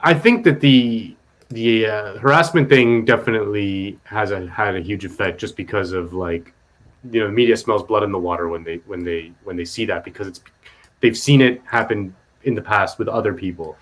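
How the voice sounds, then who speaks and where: A man appearing as a guest journalist on a political talk show, talking casually and haltingly with many fillers. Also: fairly low pitch, a bit bright. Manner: rambling, hesitant, full of fillers.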